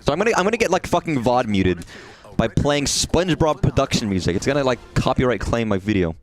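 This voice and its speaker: Animated, swearing gaming streamer man. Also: mid-range voice, fast. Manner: rambling, profane, animated. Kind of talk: casual gameplay livestream chat.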